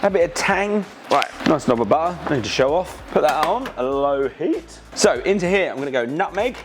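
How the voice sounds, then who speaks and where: A man's voice: on the high side, big pitch swings, fairly quick, background noise. An enthusiastic man, hosting a casual cooking demonstration in chatty, slangy talk. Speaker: cooking show host. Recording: music playing behind.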